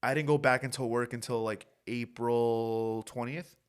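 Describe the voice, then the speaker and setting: A young adult man telling a story in a casual, animated, profane way as a podcast co-host. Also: medium pitch, unhurried, clean tone.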